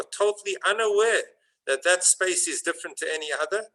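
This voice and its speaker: A man giving a sermon as a rabbi, telling a story and building to fervent emphasis, with some halting restarts. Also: a little high, sharp tone, rough recording.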